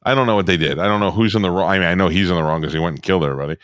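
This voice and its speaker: A man's voice: low voice, very fast, fairly bright tone, no room sound, clean studio sound. A man co-hosting a podcast in casual chat, blunt and sardonic, swearing freely. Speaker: podcast co-host.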